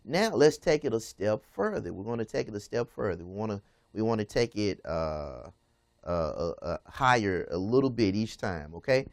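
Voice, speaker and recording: With piano music underneath, a man with a lowish, expressive voice teaches a lesson at a moderate pace, with no room sound. He walks through each step patiently, repeating them and tacking "okay?" onto most phrases.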